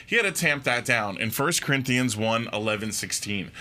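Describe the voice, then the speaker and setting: Bright, lively man tossing quips. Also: mid-range voice, normal speed. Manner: playful quips, laughing. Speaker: podcast co-host. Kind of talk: casual chat.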